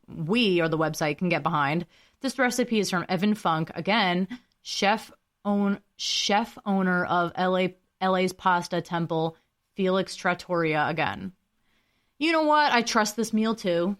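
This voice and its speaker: A woman's voice: medium pitch, fairly bright tone. Chatty young woman hosting a podcast. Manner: chatty and self-deprecating, apologizes often, breaks into singing. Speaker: podcast host. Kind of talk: casual solo podcast chat.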